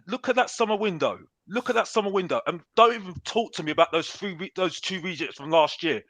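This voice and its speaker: A man's voice: high voice, fairly bright tone, no echo. A man ranting in a heated football debate, repeating "bruv" and talking over the others. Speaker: panelist on a football talk show.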